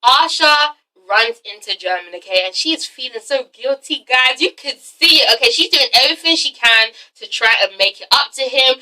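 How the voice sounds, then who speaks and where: Sassy, excitable woman reviewer with a high, bright voice; casual, swearing vlog recap. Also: moderate pace, hardly any pauses, far from the mic, rough recording. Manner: sassy, profane, excitable, lots of "okay?". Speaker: TV episode reviewer.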